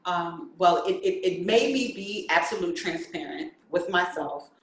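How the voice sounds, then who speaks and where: A woman's voice: on the low side, expressive, measured pace. A woman guest talking earnestly and reflectively about her writing. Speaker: guest author. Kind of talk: candid personal talk. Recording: roomy echo, faint noise.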